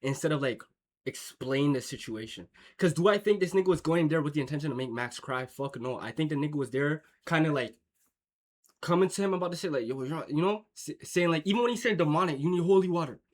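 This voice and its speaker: A young Jamaican man streams his reaction to a clip in a fairly high, fast voice. His commentary is casual and slang-heavy, full of swearing, rambling, and filler.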